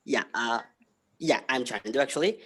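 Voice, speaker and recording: A young man, a student, asking a question in an online class in a halting, rambling way with many restarts. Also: mid-range voice, fairly bright tone, breathy edge. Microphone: video call.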